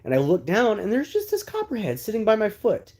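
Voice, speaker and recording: A man's voice: high-pitched, wildly swooping pitch, a little fast, a little mellow. A man in his thirties from Texas, host of a livestream, telling a personal story casually with many asides and fillers. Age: 30s.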